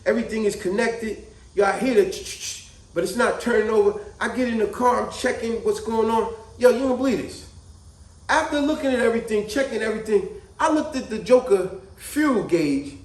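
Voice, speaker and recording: This vlogger, a middle-aged man, has a voice that sits high and moves at a normal speed. Animated and casual, he performs the voices of the characters in his story, and the room around him echoes.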